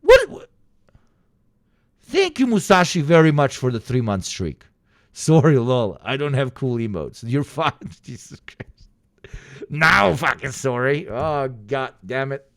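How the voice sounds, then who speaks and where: A man with a Balkan accent, a streamer talking casually to chat, loud and profane with frequent laughing. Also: expressive, unhurried, no echo, studio quality. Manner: loud, profane, laughing, swings into high outbursts.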